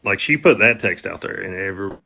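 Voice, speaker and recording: Male streamer, lowish bright voice, rambling casual delivery full of fillers. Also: expressive, brisk, gravelly, a little hiss or hum. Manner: rambling, with frequent fillers and restarts. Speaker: livestream host. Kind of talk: casual livestream talk.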